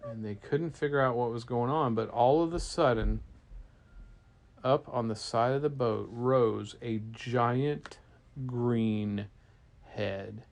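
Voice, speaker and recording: A man, a parent, telling an improvised bedtime story to a child in a gentle, playful way. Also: medium pitch, slow, creaky.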